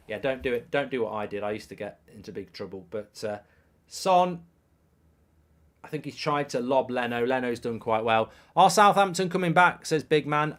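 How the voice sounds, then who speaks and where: A man hosting a live football watchalong, chatting, reading out viewer messages, and reacting to the game. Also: medium pitch. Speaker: host.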